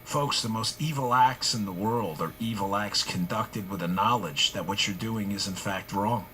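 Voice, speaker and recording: A man's voice: fairly low pitch, moderate pace, pushed and bright, slight background noise. A male talk show host in his forties delivering a heated political monologue, hammering points with repeated rhetorical questions.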